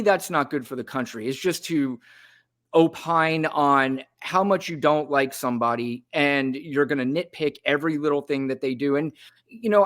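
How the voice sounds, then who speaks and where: A man's voice: a little high, fairly bright tone. Rambling man on a political podcast. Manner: rambling, frequent restarts and fillers, blunt. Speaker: podcast co-host. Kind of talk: casual political chat.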